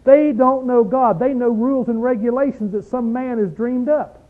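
A man with a notably high voice preaches in a folksy, emphatic way. He peppers the sermon with rhetorical questions and drags out key words of scripture. The sound is thin and phone-like, as on an old radio broadcast. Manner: slows down to stress verses.

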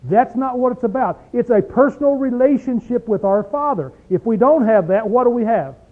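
A notably high-voiced man preaches in a folksy, emphatic, expressive style, asking rhetorical questions and stretching out key scripture words, slowing down to stress verses. The audio sounds thin and phone-like, like an old radio broadcast.

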